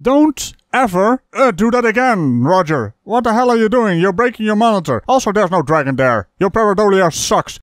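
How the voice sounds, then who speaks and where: A man's voice: sits high, very animated, normal speed, hardly any pauses, dry recording. A man hosting a reaction video, mocking the clip he plays with scornful, chuckling sarcasm. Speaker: commentary host reacting to a video.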